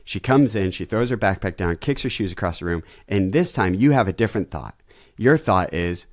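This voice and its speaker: Man, pastor, podcast guest, low-pitched, animated storyteller, dry studio sound. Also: a little fast, dry recording. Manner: animated storyteller who acts out family scenes. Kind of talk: conversational interview.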